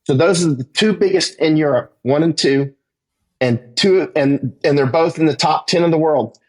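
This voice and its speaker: A man, a war correspondent, giving an emphatic interview monologue that climbs higher in pitch as he gets worked up, with frequent "right?" tags. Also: normal speed.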